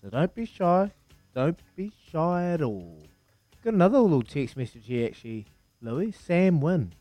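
A man's voice: a little high, very animated, moderate pace, mellow, no room sound, faint music behind. A man with a New Zealand accent hosting a breakfast radio quiz, upbeat as he counts down and teases callers.

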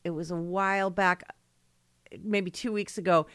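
A woman's voice: lowish voice, fairly even intonation, measured pace, a bit bright, dry recording, studio quality. A woman co-hosting a podcast in casual chat, swearing freely and giggling often. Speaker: podcast co-host.

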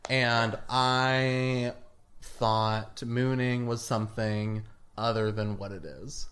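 A young man co-hosting a comedy podcast, telling a story in a casual, animated way and laughing through it. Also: medium pitch, slow. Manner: animated, laughs through his stories, acts out quotes. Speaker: podcast co-host.

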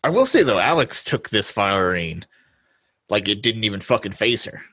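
A man's voice: fairly low pitch, sing-song, normal speed, fairly bright tone, slightly rough. Easygoing podcast host man. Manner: easygoing, laughs often. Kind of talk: casual chat.

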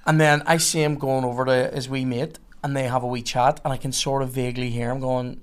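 A man's voice: mid-range voice, fairly quick, clean tone. A young man, a podcast guest telling a swear-heavy story and acting out the other people in it. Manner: animated, swearing, acts out others' lines. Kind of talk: casual storytelling.

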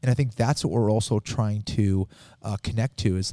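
A man's voice: on the low side, normal speed, dark tone, dry recording. A man who teaches jiu-jitsu, answering interview questions casually and energetically, often repeating phrases for emphasis.

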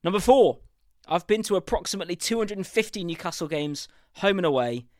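A man in his thirties from England, with a southern English accent, opens his scripted podcast intro as host. His slightly high voice moves brisk and upbeat with a defiant edge and lively intonation. The recording is close and dry, with no room sound.

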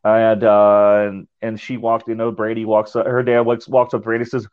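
A man's voice: lowish voice, monotone, moderate pace, clean tone, lo-fi sound. A man, a paranormal investigator, telling a long story in a casual, rambling way, often restarting his words.

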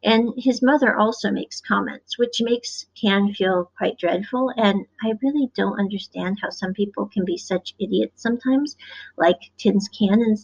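A woman's voice: medium pitch, normal speed, gravelly, breathy edge. A woman from the US Midwest, rambling chattily through a casual recap of a show's episode. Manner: rambling, chatty, acts out quotes. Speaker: show reviewer. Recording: dull lo-fi recording.

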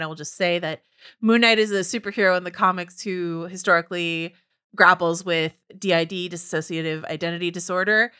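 A woman with a bright, clear voice leads a casual podcast discussion. She is playful and keeps turning the talk over to her co-hosts with questions. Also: fairly low pitch. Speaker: podcast host.

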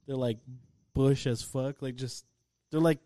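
A man's voice: medium pitch, steady tone, measured pace, mellow, no echo. A man hosting a podcast, chatting casually and telling an anecdote, swearing often. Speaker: podcast host. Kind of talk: casual chat.

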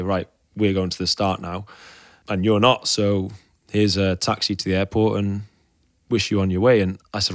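Frank low-voiced man. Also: fairly bright tone, no echo, studio quality. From Wales. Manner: frank and openly emotional, rambling with restarts. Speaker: guest, professional cyclist. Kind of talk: candid podcast interview.

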